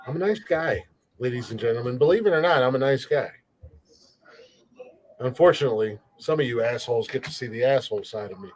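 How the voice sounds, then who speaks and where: A man's voice: medium pitch, brisk, low-quality recording. A man hosting a podcast, talking in a rambling, profane, folksy way about being a country guy. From rural countryside. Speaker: podcast host. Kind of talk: casual podcast chat.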